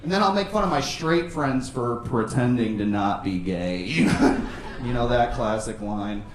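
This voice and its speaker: A man doing a stand-up set with crowd work on a club stage, talking loosely and breaking into shouted voices. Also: mid-range voice, normal speed. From USA. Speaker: stand-up comedian. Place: comedy club stage with live audience. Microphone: handheld stage microphone. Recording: roomy club sound, mic at a distance, audience laughter.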